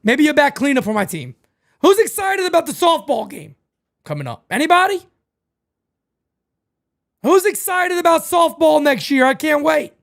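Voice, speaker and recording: A man's voice: extremely high pitch, big pitch swings, normal speed, vocal fry, pauses often, a bit bright. A man hosting a live fan watch party, calling the plays and chatting with viewers in a playfully melodramatic way that repeats phrases. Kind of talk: live fan play-by-play and chat.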